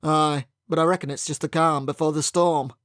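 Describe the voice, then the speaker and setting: A man voicing a loud, blunt middle-aged factory owner with a booming Yorkshire accent. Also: steady tone, moderate pace, no echo, clean studio sound, natural voice. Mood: grumbling. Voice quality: booming, gruff. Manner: blunt and rude.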